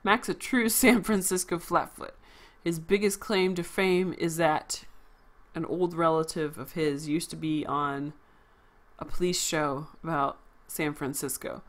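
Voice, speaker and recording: A woman's voice: low voice, steady tone, a little slow. A woman game streamer reading game text aloud and reacting in a casual, giggly, wisecracking way.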